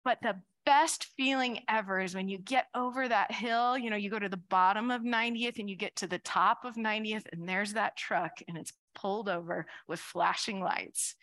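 A woman giving a conversational sermon in a church, chatty and lively, acting out quoted voices and laughing often. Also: moderate pace, hardly any pauses. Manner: chatty, acts out quoted voices with big pitch jumps and laughs. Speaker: speaker giving a church talk.

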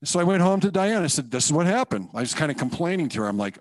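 A man giving a personal testimony in church, telling his story in an animated, self-deprecating way and acting out the thoughts he had. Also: on the high side, very fast, hardly any pauses, dry recording. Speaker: guest speaker giving testimony.

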